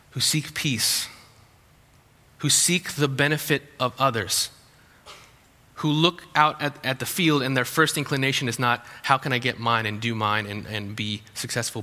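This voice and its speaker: A man's voice: mid-range voice, sharp tone. A man preaching a sermon as pastor, conversational, with frequent restarts and humorous asides. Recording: long hall reverb.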